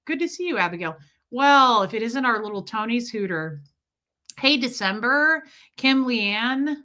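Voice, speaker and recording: A woman's voice: a little high, sing-song, unhurried, sharp tone. A woman hosting a casual livestream, greeting viewers by name in a chatty, self-deprecating way while nursing a headache. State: has a headache. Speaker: livestream host.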